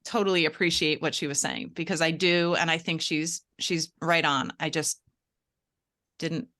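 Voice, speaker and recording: A woman's voice: deep voice, steady tone, normal speed, bright, forceful tone. A woman in a podcast discussion, speaking candidly and hesitantly with many fillers. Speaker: podcast participant. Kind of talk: casual book discussion.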